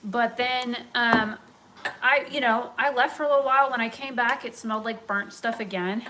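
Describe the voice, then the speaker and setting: Live-streaming from her kitchen at home, a young vlogger rambles casually and wanders off topic. She speaks at a moderate pace with a voice on the high side, and background noise is clearly audible in the home recording.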